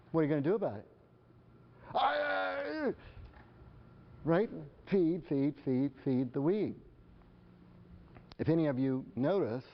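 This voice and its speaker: A man giving a live presentation to parents, animated and acting out the exchanges between parents and children. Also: mid-range voice. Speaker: speaker on parenting. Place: lecture hall. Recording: dull lo-fi live recording.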